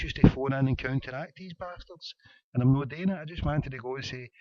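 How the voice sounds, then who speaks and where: A man's voice: medium pitch, quick pace, darkish tone. Man ranting on a dull lo-fi stream. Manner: mock-indignant and joking, talking to a live chat. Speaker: internet radio host. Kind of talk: casual live radio rant. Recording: dry, dull lo-fi internet radio sound.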